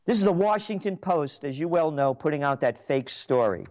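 A man hosting a talk radio show, delivering an angry, mocking rant with sarcastic jabs and bursts of shouting. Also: a little high, lively intonation, moderate pace.

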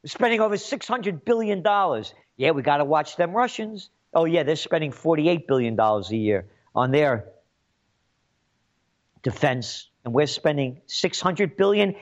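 Sarcastic ranting man, high lively voice. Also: normal speed. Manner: sarcastic, mocking, scornful. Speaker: political commentator. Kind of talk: angry political rant. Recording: dull lo-fi recording.

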